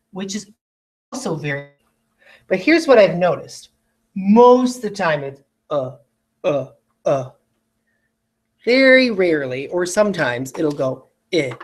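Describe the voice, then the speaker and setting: A teacher giving a recorded phonics lesson to children, patiently speaking to the students and stretching words apart slowly to demonstrate their sounds. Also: mid-range voice. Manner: patient, addresses young students directly.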